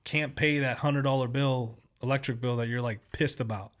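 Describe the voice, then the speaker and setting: A male podcast host who also works as a police officer talks in a loose, casual interview. His delivery is profane and animated, full of stories. His voice sits at an ordinary middle pitch. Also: normal speed.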